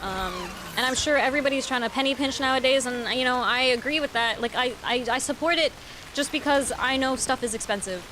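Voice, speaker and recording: A woman streamer chatting casually while gaming, ranting with lots of swearing and sudden loud outbursts. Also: high-pitched, a little fast, noisy background. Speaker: game streamer.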